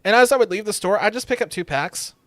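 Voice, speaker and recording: A young man rambles through casual gameplay commentary from home, dropping wry, sarcastic asides. His voice sits a touch high and sounds dry and close. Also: animated, fast, a bit bright, no echo. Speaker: streamer. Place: home room with a webcam.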